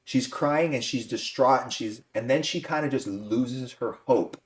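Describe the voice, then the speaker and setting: A man's voice: medium pitch, a little slow. A man hosting a podcast, ranting with exasperated profanity in a casual movie review chat. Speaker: podcast host.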